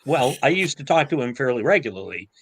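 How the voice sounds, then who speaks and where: A man co-hosting a relaxed podcast conversation, his pitch swinging up and down with animation. He stops and restarts often, padding his sentences with ums and uhs. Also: slightly rough. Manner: halting, lots of fillers and restarts. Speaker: podcast co-host. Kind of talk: casual chat.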